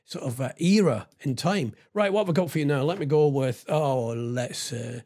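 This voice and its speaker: A middle-aged man hosts a radio show, reading the news in casual, rambling talk full of tag questions and sarcasm about politics. His medium-pitched, slightly mellow voice moves at a moderate pace with few pauses.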